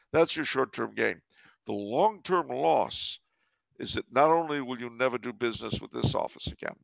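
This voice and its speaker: A man's voice: fairly low pitch, gravelly, a bit bright, no room sound, muffled recording. A man voicing an older, shrewd businessman who answers with mock-cheerful sarcasm. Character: sardonic older male businessman, shrewd and scornful.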